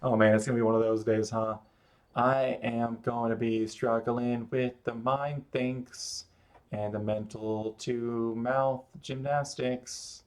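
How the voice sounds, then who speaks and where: A man's voice: mid-range voice, flat delivery, slow. Rambling, self-mocking male streamer. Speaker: streamer drawing live. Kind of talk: casual chat while drawing.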